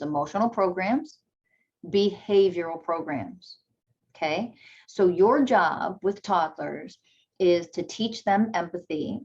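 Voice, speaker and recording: Woman, low-pitched, blunt and emphatic, candid motivational speaker, dull muffled recording. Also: a little mellow. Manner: blunt and emphatic, swears freely, acts out parent dialogue in a high sing-song. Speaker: self-development speaker.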